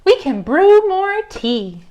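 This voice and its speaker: A tiny, eager mouse squeaks reassurance in a very high voice, as a woman puts it on. The delivery is bright with storybook energy and slow. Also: big pitch swings, dull audio, exaggerated voice. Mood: coaxing.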